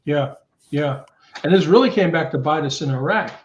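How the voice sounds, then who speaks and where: A male professor as a guest on a podcast, calmly explaining cause and effect. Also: a little high, normal speed. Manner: analytical, laying out causes step by step. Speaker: guest, intelligence studies professor. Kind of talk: casual chat, explaining. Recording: roomy, dull remote audio.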